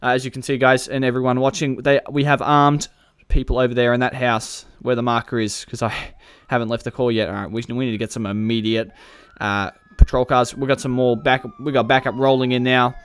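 With a level tone and smooth delivery, his mid-range voice goes a little fast with hardly any pauses. The man, a gaming video creator, gives chatty commentary during a police roleplay, often joking, laughing, and barking orders at suspects.

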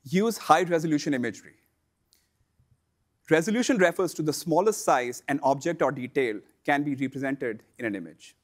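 Here a man teaches online sellers from a script, his fairly high voice steady, measured and explanatory throughout.

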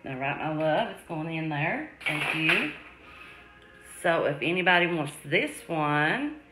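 A woman hosts a live-stream jewelry sale in a low, unhurried voice. She chats with viewers by name and calls them love, sweetie and darling. The room is echoey, with a faint hum behind her. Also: expressive, music in the background. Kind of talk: live-stream selling chat.

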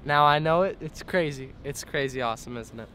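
A man's voice: fairly high pitch, a little fast, pushed and bright, a little hiss or hum. A young man vlogging casually from a sailboat, rambling and jokey, his nose still stuffy from a cold. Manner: laid-back, rambling, jokey. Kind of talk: casual vlog talk to camera. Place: aboard a sailboat.

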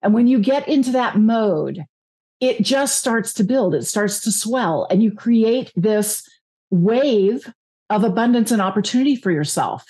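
A woman coach, a guest in an interview, talking upbeat and often slowing down to make her points. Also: medium pitch, a little mellow. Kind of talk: interview conversation. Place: California.

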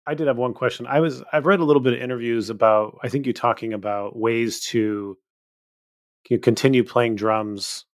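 A man hosting a podcast, asking questions in a halting way while searching for words. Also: mid-range voice, dry recording, clean studio sound. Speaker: podcast host. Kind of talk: interview questions.

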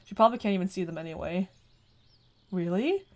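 A woman's voice: lowish voice, lively intonation, brisk. A young woman casually commenting on a visual novel game she is playing, rambling and swearing freely. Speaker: let's play gamer.

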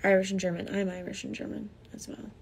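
A woman's voice: mid-range voice, flat delivery, fast, creaky, slight background noise. A young woman from the United States chatting casually on a phone livestream, reading comments aloud and answering them.

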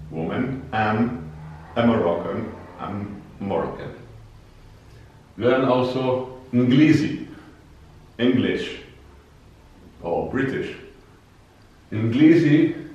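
Guy teaching arabic real slow, repeats words, sounds far off in an echoey room. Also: medium pitch, lo-fi sound. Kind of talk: language lesson.

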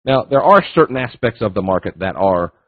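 A man's voice: on the low side, sing-song, a little fast, dry recording. Folksy man teaching over a tinny line. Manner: folksy, repetitive, acts out little voices in stories. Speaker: guest speaker on trading. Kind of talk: casual webinar teaching. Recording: dry tinny phone-like line.

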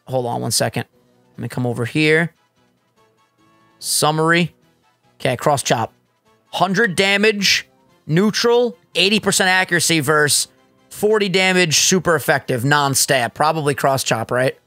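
Young male gamer co-host, slightly high, teasing and excitable, close dry mic. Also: measured pace, long pauses, no echo, faint music behind. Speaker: let's play co-host. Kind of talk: casual gaming banter.

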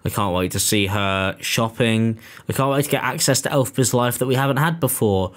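A man hosting reaction commentary, ranting sarcastically and leaping into high, exasperated outbursts. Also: fairly quick, a bit bright. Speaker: commentary host.

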